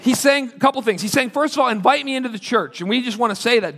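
High bright-voiced preacher in a hall. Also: male voice, fast talker. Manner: earnest, conversational preaching with acted quotes. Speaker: pastor. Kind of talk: sermon. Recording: long hall reverb.

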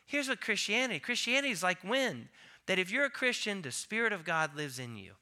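A man in his thirties preaching a sermon, telling a family story with soft asides and loud emphatic peaks. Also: high-pitched, big pitch swings, brisk. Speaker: pastor.

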